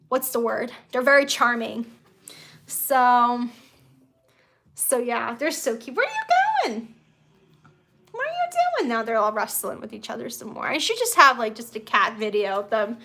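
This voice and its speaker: A woman's voice: a little high, fairly bright tone. A young woman hosting a casual live stream from her bedroom, chatting and reading viewer comments aloud in a bubbly, rambling way. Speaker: livestream host.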